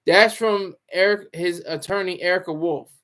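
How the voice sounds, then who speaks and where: High-voiced joking male livestream host. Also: moderate pace, sharp tone. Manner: chatty, joking, talks to chat. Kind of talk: casual commentary.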